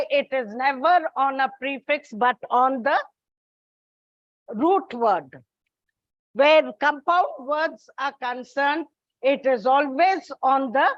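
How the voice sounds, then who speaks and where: A high-pitched woman teaches an English lesson at an unhurried pace, setting out her examples one after another and calling her students children. Her voice sounds close and dry, with a dull, lo-fi quality. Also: no echo. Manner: slow, deliberate, repeats and lists examples. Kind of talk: classroom lecture.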